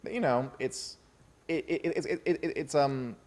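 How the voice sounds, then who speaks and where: A man's voice: on the high side, moderate pace, darkish tone. A man co-hosting a casual podcast about a book, chatty, laughing often and reading passages aloud. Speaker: podcast co-host.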